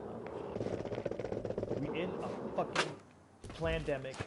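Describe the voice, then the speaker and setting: A man in a frustrated, swearing rant as a gaming vlogger, muttering low and then bursting out loud. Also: animated, normal speed. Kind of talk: angry rant to camera. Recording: loud background noise, vehicle sounds.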